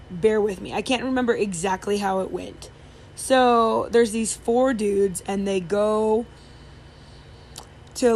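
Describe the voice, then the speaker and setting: A woman's voice: medium pitch, darkish tone, a little hiss or hum. A woman hosting a podcast, telling a story in a casual, rambling way with lots of fillers and restarts. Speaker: podcast host.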